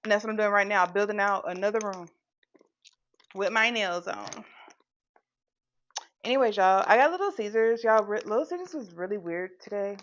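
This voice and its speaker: A young woman runs a casual live stream on her own channel, talking directly to viewers in a loose, chatty, meandering way. Her voice is mid-range and her pace is normal, though she pauses often. The audio has a dull, lo-fi quality.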